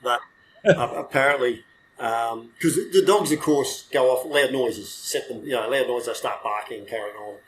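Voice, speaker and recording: An older Australian man who once handled police dogs tells rambling stories in casual chat, correcting himself along the way and swearing freely. His voice is mid-range at a moderate pace. The recording is low quality with slight background noise.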